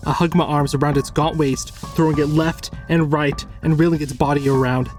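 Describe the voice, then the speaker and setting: A man reading a first-person horror story as scripted narration, measured and tense. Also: fairly high pitch, flat delivery, a little mellow, soft background music.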